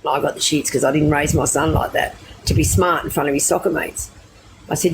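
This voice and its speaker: A woman's voice: low voice, steady tone, fairly quick, gravelly. A middle-aged woman with an Australian accent telling brash, swearing anecdotes in casual chat. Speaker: storyteller. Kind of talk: casual storytelling. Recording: noisy background.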